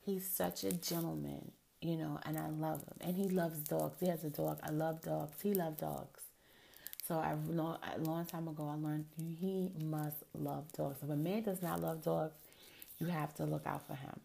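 A middle-aged woman with a low voice and gravelly fry hosts her own show. She chats casually and tells stories to her listeners, often turning to talk to them directly. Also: steady tone, moderate pace, mellow, a little hiss or hum. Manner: chatty, storytelling, frequent asides to listeners. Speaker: podcast host. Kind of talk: casual solo podcast monologue.

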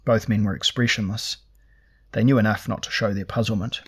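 A man narrating a fantasy novel in a measured, even storytelling manner. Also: lowish voice, husky. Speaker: audiobook narrator.

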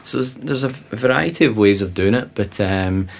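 A man, a guest on an interview podcast, telling lively travel anecdotes in a casual way with laughing asides. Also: fairly low pitch, normal speed, vocal fry. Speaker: interview guest, presenter and explorer. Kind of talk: casual storytelling.

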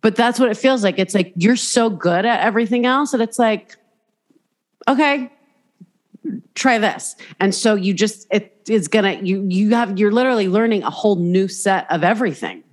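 A woman's voice: medium pitch, fairly quick, hardly any pauses. A woman hosting a podcast, talking casually, swearing freely and rambling through restarts while acting out voices in her stories. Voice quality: swears freely, animated storytelling with acted-out inner voices. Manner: rambling, restarts mid-sentence. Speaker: podcast host. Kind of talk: casual chat.

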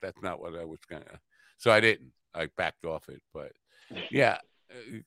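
A man's voice: sits low, expressive, normal speed, vocal fry, bright, forceful tone, dry recording. A man hosting a podcast in casual chat, blunt and given to swearing. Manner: blunt and profane, mutters asides. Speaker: podcast host.

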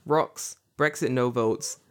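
A man's voice: mid-range voice, fairly even intonation, slow, clear, resonant tone. A man chatting casually as a podcast co-host, rambling and joking, often slipping into silly put-on voices. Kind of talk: casual chat.

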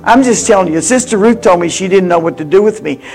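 A woman in her eighties preaching a sermon with personal stories, swinging from loud exhortation to hushed confiding. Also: medium pitch, fast talker, slightly rough, soft background music. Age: 80s.

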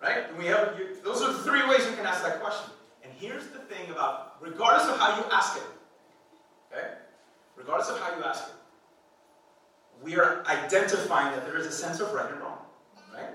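A man's voice: sits high, pushed and bright, far from the mic. A man in his thirties preaching a sermon in a playful, conversational way, full of rhetorical questions to the congregation. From Hispanic background. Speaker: pastor. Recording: echoey hall, speaker off-mic.

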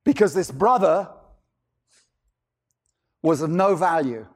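A man with a high-pitched voice preaches to his congregation. He fires off rhetorical questions and repeats lines for emphasis. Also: animated, slow pace. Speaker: pastor. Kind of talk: sermon.

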